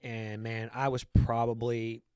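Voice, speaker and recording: A man's voice: medium pitch, flat delivery, a little slow, a little mellow, clean tone, no echo, studio quality. Blunt, swearing male podcast host. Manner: blunt, heavy swearing, repeats words when starting. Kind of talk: casual profane chat.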